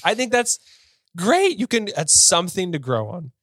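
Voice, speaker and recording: A man's voice: high-pitched, huge pitch swings, moderate pace, a bit bright, dry recording, clean studio sound. A man co-hosting a podcast, talking in an earnest, rambling way and often correcting himself mid-sentence. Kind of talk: casual conversation.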